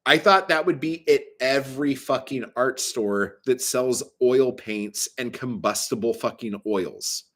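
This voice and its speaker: A man's voice: mid-range voice, measured pace, hardly any pauses, a bit bright. A man casually telling a story in a vlog, swearing often and rambling with many fillers and asides. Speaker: vlogger.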